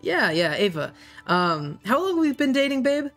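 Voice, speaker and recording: A game master voicing a cocky young male satyr who scoffs and talks casually, with soft music behind. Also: mid-range voice, sing-song, moderate pace, pitched above the performer's own voice. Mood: smug.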